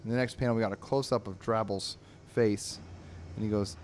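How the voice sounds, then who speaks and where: Reading comic strips on his comedy podcast, this male host is brisk and animated, laughing a lot and switching to squeaky voices for characters. There's slight background noise.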